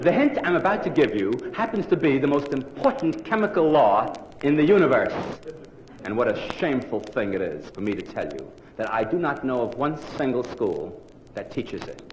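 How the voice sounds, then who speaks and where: A man in his forties delivers a comic lecture with a theatrical flair and a lively, swooping pitch. The room sounds large and echoey. Faint hiss from an early 1960s vinyl record sits underneath. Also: normal speed. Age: 40s. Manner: theatrical, punchline-driven. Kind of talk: comic lecture to a live audience. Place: lecture hall with audience. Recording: roomy live hall on early 1960s vinyl. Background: audience laughter.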